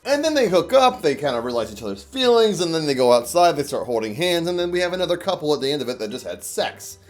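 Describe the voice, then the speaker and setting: Brief: animated male YouTuber, swoopy mid-pitch voice, crude and joking, faint music underneath. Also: fast. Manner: animated, crude, jokey, acts out quoted lines. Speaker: YouTuber reviewing manga. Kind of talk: casual review monologue.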